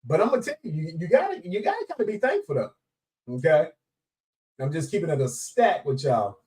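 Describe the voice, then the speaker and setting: Hosting a live show, a man with a somewhat high voice talks a little fast, casually bantering with viewers, calling them by name, and laughing a lot. His style is animated and playful, in Southern Black vernacular, with the mic picking him up from a bit of a distance.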